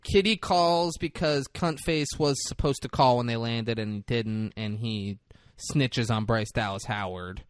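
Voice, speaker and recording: A man's voice: mid-range voice, a little slow, hardly any pauses, clear, resonant tone, dry recording, clean studio sound. A man casually recapping a movie on a podcast, crude and mocking, acting out the characters' lines. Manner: crude, mocking retelling with quoted voices. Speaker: podcast co-host.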